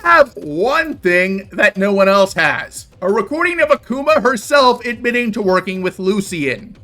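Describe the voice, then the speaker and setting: A man narrating a scripted commentary video as its host, in a measured, argumentative way. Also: high voice, big pitch swings, pushed and bright.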